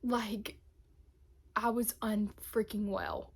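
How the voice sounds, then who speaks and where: A woman's voice: on the high side, fairly even intonation, a little slow, slight background noise. A young woman, chatting to camera about books she loved, gushing and emotional, dropping to a whisper at times. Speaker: booktube vlogger. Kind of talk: casual book review chat.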